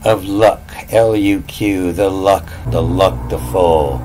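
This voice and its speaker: A man's voice: deep voice, takes it slowly, mellow, slight background noise, low-quality recording. A man talking through word meanings in a casual monologue, musing aloud, repeating phrases and spelling words out letter by letter. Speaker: channel host.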